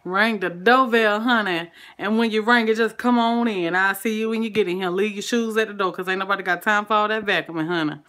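Bright-voiced Southern woman chatting with viewers. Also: medium pitch, fairly quick, few pauses. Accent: Southern American. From Southern United States. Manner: folksy, sprinkles "honey" and "child", greets viewers by name. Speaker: cooking livestream host. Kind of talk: casual livestream chat with viewers.

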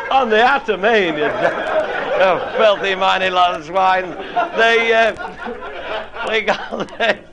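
A man's voice: sits high, fairly bright tone. A middle-aged man, telling bawdy comic stories to an audience and chuckling at his own jokes. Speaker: after-dinner speaker. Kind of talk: comic storytelling monologue. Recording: noisy vintage 1960s live tape.

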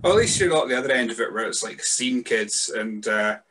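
A man with a light Scottish accent hosting a casual podcast chat over a remote call, self-mocking and quick, with lots of stammered restarts and the odd swear. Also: mid-range voice, animated, a bit bright, a little hiss or hum. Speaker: podcast host.

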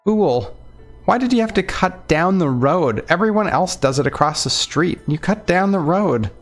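A grief-stricken young man pleads in a high, breaking voice, as a male reader puts him on. He sounds frantic and raw. This is a game read aloud, with faint music behind. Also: expressive, normal speed. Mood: anguished pleading. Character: anguished young man begging a dying girl.

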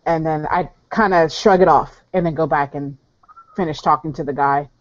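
Female player, rambling; low, lo-fi online audio. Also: fairly even intonation, moderate pace, no echo. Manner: rambling, laughing often. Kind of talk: casual game chat. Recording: muffled dry online voice chat.

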